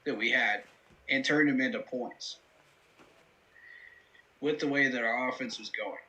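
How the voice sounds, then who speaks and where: A man's voice: medium pitch, measured pace, pushed and bright, lo-fi sound. A man hosting a live football reaction stream, talking through the game in an earnest, analytical way with many fillers. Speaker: host.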